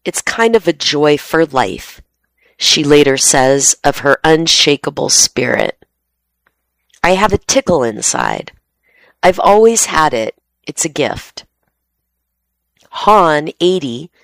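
A woman working as a volunteer radio broadcaster, reading magazine articles aloud in a steady, unhurried way. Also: low voice, no room sound.

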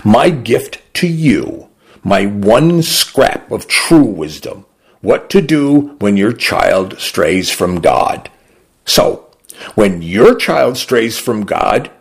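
A man reading a literary short story aloud for a radio program, slow, deliberate and expressive. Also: on the low side, gravelly, slightly rough.

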